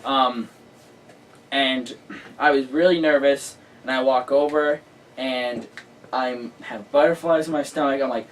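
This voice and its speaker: Excitable man telling a story. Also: medium pitch, measured pace, recorded from a distance, a little hiss or hum, low-quality recording. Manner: excitable storyteller, lots of filler words. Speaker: host. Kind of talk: casual chat.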